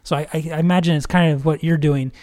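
A man speaks in a casual podcast conversation, his voice sitting a little higher than most men's. He talks earnestly and reflectively, building his points step by step. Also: steady tone, fast, a little mellow. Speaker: podcast co-host.

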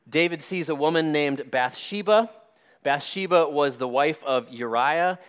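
A man preaching a sermon as a pastor, stressing words slowly and dropping his voice quietly at key points. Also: mid-range voice, smooth.

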